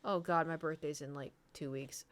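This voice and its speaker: A woman's voice: low voice, fairly even intonation, moderate pace. A woman in her thirties, chatting casually to her live stream audience and rambling through stories with frequent laughs. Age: 30s.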